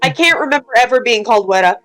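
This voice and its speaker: A young woman telling an animated story in casual chat among tabletop players, laughing as she talks. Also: a little high, rapid-fire, faint music behind, low-quality recording.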